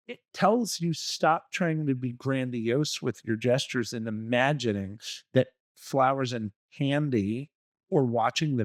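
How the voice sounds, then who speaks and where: Man, podcast co-host, blunt profane advice, mid pitch, dry close sound. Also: no room sound. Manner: blunt and profane, acts out quoted dialogue. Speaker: relationship coaching podcast co-host. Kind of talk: casual podcast advice talk.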